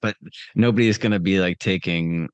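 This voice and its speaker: Deep-voiced rambling podcast host. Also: male voice, a little fast, clear, resonant tone, no echo, dull audio. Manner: rambling, profane, teasing. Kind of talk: casual chat.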